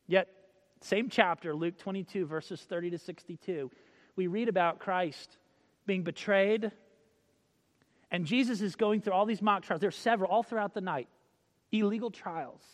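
A male preacher giving a sermon, telling stories, acting out quotes and reading scripture slowly. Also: sits high, long reverb tail. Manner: storytelling, acts out quotes, reads scripture slowly.

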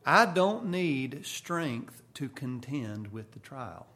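A man preaching a sermon in an earnest way, rising to loud emphasis and dropping to quiet, firm statements. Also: medium pitch, very animated, takes it slowly.

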